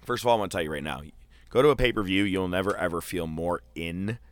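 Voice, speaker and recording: Deep-voiced man telling a loose story. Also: fast, no echo. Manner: loose, profane storytelling with a lot of fillers; animated, jumps into high-pitched quoted voices. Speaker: podcast co-host. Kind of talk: casual chat.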